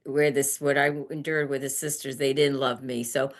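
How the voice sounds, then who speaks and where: Low-voiced gentle woman. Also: level tone. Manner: gentle, halting, restarts often. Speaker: interview guest, end-of-life doula. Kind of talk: casual interview answers.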